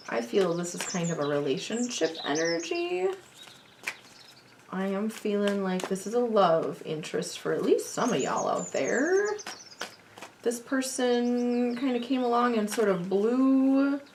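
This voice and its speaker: A woman's voice: mid-range voice, vocal fry, a little hiss or hum. Chatty, sassy woman reading tarot. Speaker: tarot reader. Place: home.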